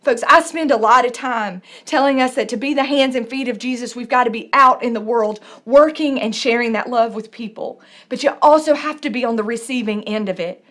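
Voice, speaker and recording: A woman's voice: fairly high pitch, a little fast, few pauses, fairly bright tone. A young adult woman pastor preaching a sermon, telling a personal story with earnest, repeated phrases.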